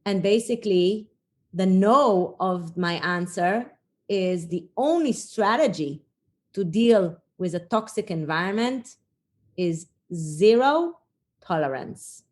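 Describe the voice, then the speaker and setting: A woman's voice: mid-range voice, animated, takes it slowly, a little mellow. A middle-aged woman, a leadership coach, telling her career story as a podcast guest in an earnest, reflective way with frequent fillers. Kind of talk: conversational interview storytelling.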